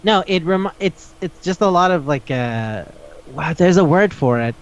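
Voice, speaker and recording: A fairly high-voiced man chatting on a podcast, animated and profane, slipping into the voices of the characters he describes. The recording is dull and lo-fi. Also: moderate pace. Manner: animated, acts out characters' lines, swears often. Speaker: podcast co-host. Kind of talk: casual chat recapping a manga.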